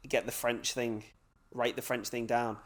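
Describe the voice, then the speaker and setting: Man, young adult, middle pitch, easygoing banter, casual podcast chat. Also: little pitch movement, unhurried, a bit bright. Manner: easygoing banter, leads into segments. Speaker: podcast co-host.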